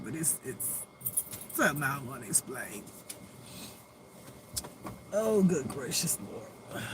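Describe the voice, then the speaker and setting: A spiritual intuitive reader chatting casually, praying and pulling cards in a slow, drawn-out, prayerful way. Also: medium pitch, expressive, background noise. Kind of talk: casual chat and card reading.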